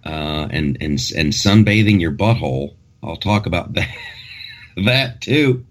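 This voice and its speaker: A man's voice: low voice, animated, measured pace. A man hosting a podcast in casual chat, rambling and joking as he talks through the news. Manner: rambling, joking, many restarts. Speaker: podcast host.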